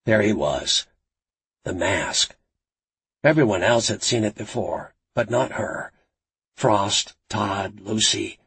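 Gravelly, raspy male thriller narrator. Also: fairly low pitch, slow, pauses often, a bit bright, rough recording. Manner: dramatic, suspenseful. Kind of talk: scripted audiobook narration.

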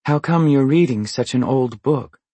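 A man's voice: medium pitch, moderate pace, warm tone, slightly rough, no echo, voice pushed up, natural voice. A man reading an audiobook, voicing a guarded young woman who asks clipped, probing questions in a slightly raised tone. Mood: wary. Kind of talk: audiobook character voice.

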